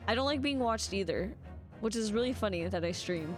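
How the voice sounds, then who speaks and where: A woman's voice: mid-range voice, lively intonation, fairly quick. A woman streaming a video game, chatting casually and rambling with lots of giggles. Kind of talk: casual chat while playing a video game. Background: game music.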